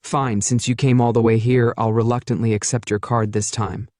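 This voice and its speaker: A man's voice: medium pitch, flat delivery, moderate pace, no echo, studio quality, close to an everyday voice. A man voicing an arrogant, venomous young woman who speaks with scorn. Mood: scornful, furious. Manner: scornful, shouting.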